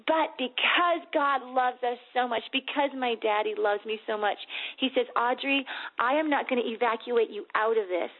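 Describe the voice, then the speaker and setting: A woman's voice: on the high side, normal speed, phone-quality sound. A woman giving a heartfelt, fervent faith testimony. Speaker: guest telling her story.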